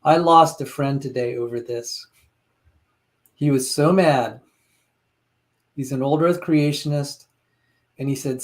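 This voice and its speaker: A man's voice: mid-range voice, fairly even intonation, measured pace, long pauses. A man hosting a casual online chat, telling stories animatedly and quoting other people. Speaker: channel host.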